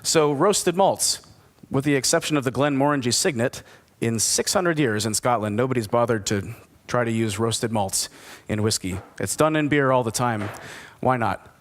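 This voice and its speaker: A man's voice: medium pitch, moderate pace. A man giving a conversational conference presentation, enthusiastic and asking his audience questions. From United States. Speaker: distillery speaker at a whisky forum.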